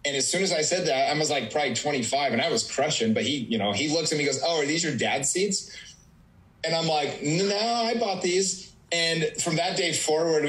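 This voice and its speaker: A man's voice: on the high side, fairly bright tone, poor audio. A young man, a real estate agent, telling casual stories in a rambling way full of "like". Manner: rambling, heavy use of "like". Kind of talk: casual conversational storytelling.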